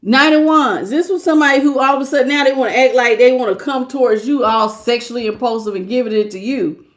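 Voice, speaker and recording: A high-voiced woman reads tarot cards on a live stream. She is animated and slangy, laughs often and acts out the people she quotes. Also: fast talker. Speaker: tarot reader.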